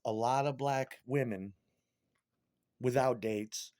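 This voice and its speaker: A man's voice: medium pitch, slow pace, a little mellow, no room sound, studio quality. A middle-aged man delivering a crude, profane, rambling monologue.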